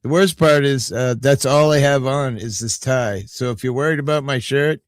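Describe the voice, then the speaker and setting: A man's voice: medium pitch, normal speed, no room sound. An older man hosting a casual livestream, rambling through stories and swearing freely. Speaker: livestream host.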